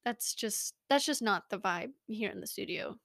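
A woman's voice: mid-range voice, expressive, normal speed, gravelly, a bit bright, dry recording. A young woman hosting a podcast, rambling in a casual, self-mocking way, recorded close in a small home studio. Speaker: podcast host. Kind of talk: casual chat.

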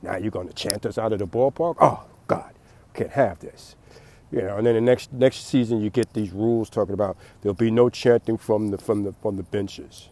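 A man's voice: on the low side, a little fast, a little mellow. A man giving a late-night rambling monologue, repeating words and laughing at his own jokes.

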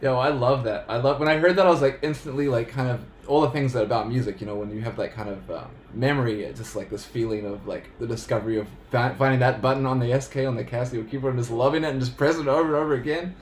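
A man's voice: medium pitch, fast, few pauses. A man hosting a casual interview, asking questions with eager, fan-like enthusiasm. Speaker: interview host. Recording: echoey room with faint noise.

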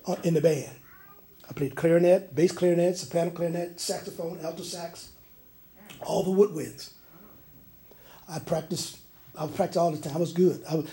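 Man preacher with a high voice, loud and then quiet, telling stories from the pulpit. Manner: swings between loud preaching and quiet storytelling; many restarts and fillers when telling stories. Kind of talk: sermon. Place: church.

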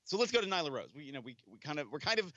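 A man co-hosting a casual wrestling podcast, teasing his partner with quick asides and lots of fillers. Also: a little high, very animated, bright, forceful tone, no room sound, dull audio. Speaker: podcast co-host.

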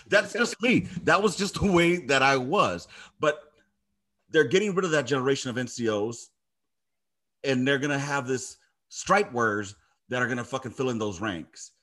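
A middle-aged army veteran who hosts a podcast chats casually, telling stories full of heavy, emphatic swearing. His voice is medium-pitched and a bit bright.

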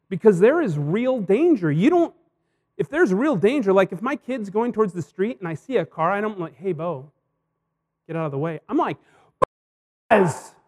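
A man's voice: high voice, darkish tone. A young adult man, a pastor, preaching a sermon in a casual, anecdotal way, often checking in with "right?". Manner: conversational, anecdotal preaching with frequent "right?" asides.

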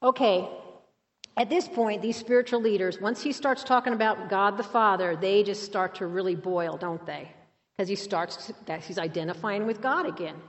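A woman's voice: medium pitch, normal speed. Woman teaching a Bible lesson, echoing hall. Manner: emphatic, asks the listeners questions. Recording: dull, hall reverb.

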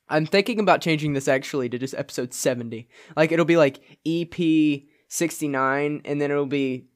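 A young man with a slightly higher-than-usual voice, co-hosting a casual podcast. He rambles with plenty of "like"s and often breaks into laughter. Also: unhurried, pauses often. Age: young adult. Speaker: podcast co-host. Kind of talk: casual chat.

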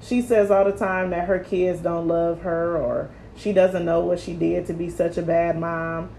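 A woman's voice: on the low side, flat delivery, a little slow, gravelly, dark tone. A woman in casual group chat, speaking thoughtfully and a little hesitantly. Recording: roomy sound with faint hiss.

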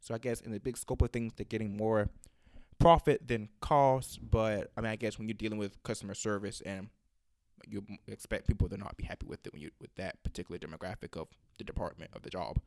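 A man's voice: fairly low pitch, quick pace, no room sound. Chatty man telling stories, dry sound. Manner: animated storyteller, acts out callers' quotes. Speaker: podcast host. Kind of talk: casual chat.

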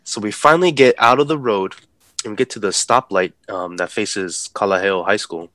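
Bright-voiced man telling a story. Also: on the low side, moderate pace, no echo. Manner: animated, acts out the voices of people in his story; laughs while talking. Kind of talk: casual storytelling.

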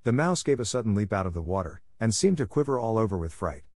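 A man narrating a classic storybook in a steady, clear reading. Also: fairly low pitch, quick pace, no echo, clean studio sound. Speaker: audiobook narrator. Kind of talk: scripted narration.

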